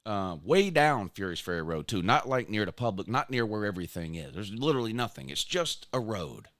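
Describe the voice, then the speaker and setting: A man in his forties tells a story on a casual chat show. His voice jumps around a lot, moving from loud outbursts to low mumbles as he mocks himself. The sound is dry and close. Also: fairly quick, no echo. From Georgia, US. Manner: animated, self-mocking, swings from loud outburst to mumbling. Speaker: podcast host.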